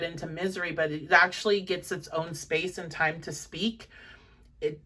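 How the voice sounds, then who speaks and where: A young woman talks her viewers through a tarot reading, chatty and reassuring, with plenty of "um" and "like". Her voice sits a little low, and she sounds a bit away from the microphone. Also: a bit bright, far from the mic. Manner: chatty, encouraging, rambling with fillers. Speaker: tarot reader. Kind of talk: pick-a-card tarot reading.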